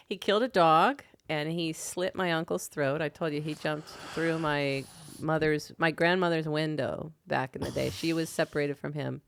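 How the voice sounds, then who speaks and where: A woman's voice: low-pitched, steady tone, normal speed, creaky. A woman in her fifties co-hosting a casual chat, chatty and reminiscing, laughing often. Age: 50s. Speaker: podcast co-host.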